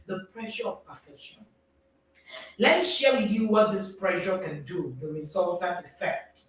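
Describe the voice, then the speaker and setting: A woman with a Nigerian accent, a parenting coach speaking to a live audience in an animated way, often laughing and checking in with listeners. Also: mid-range voice, moderate pace, slight background noise. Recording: very echoey, distant mic.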